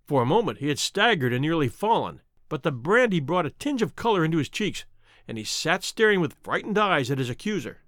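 Man, audiobook narration, expressive, animated intonation, dry recording. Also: fairly high pitch, fairly quick, dry recording. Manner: expressive storytelling voice. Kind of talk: audiobook reading.

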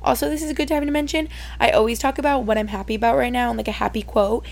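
A young adult woman talks through her solo podcast in a loose, emotional ramble, with "like" in nearly every phrase. Her voice sits a little high and carries a steady vocal fry. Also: rapid-fire. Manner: chatty, emotional, fillers of "like". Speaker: podcast host. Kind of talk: casual solo podcast chat.

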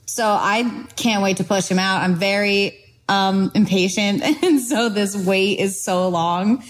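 Young woman, bubbly and excitable, casual storytelling. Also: mid-range voice, low-quality recording. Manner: bubbly, excitable, quick to laugh. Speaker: guest singer.

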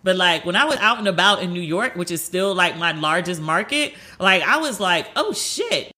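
A woman's voice: fairly low pitch, fairly quick. A woman hosting a podcast, telling stories in casual chat with lots of fillers and acted-out quotes. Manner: animated storytelling with frequent fillers and acted-out quotes. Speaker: podcast host.

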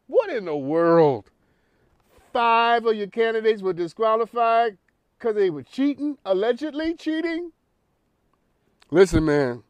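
Male talk host, preachy monologue, lively high voice. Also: dry recording. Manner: preachy, emphatic, repeats for effect. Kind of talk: animated talk show monologue.

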